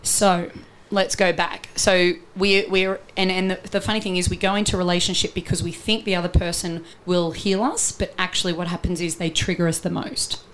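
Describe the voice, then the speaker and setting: A relationship coach speaks in a conversational interview, earnestly laying out her ideas and working through everyday examples. Her voice sits fairly low with fairly even intonation, and she talks fairly quickly over a little hiss or hum.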